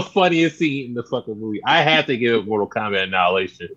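Male podcast co-host, lively pitch, muffled lo-fi sound, excitable. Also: fast. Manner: animated, laughing, quotes movie lines in put-on voices. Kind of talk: casual roundtable chat. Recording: dull lo-fi audio.

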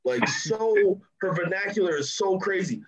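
A man riffing on a TV episode with his co-hosts, full of slang and mockery and quick to laugh. His voice sits a little high for a man. The audio is muffled and lo-fi. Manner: animated, mocking, laughs often, slangy. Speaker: podcast co-host reviewing a TV episode. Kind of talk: casual review chat.

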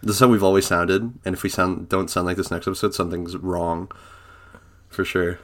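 A young man with a cold, co-hosting a casual comedy podcast and joking in a deadpan way. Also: deep voice, brisk. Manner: joking, deadpan, swears a lot. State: has a cold. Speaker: podcast co-host.

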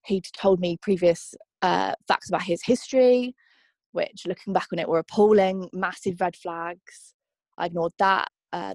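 A woman's voice: mid-range voice, a little mellow, no echo. A young woman being interviewed, telling her own story in a candid, reflective way with frequent ums and likes. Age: young adult. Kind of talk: personal testimony interview.

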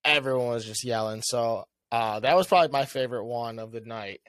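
A young man co-hosting a podcast, telling a story in casual chat. He swears a lot and acts out what he said with a rising, animated voice. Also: medium pitch, brisk, no echo. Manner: animated, swears often, acts out his own lines with a rising voice. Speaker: podcast co-host.

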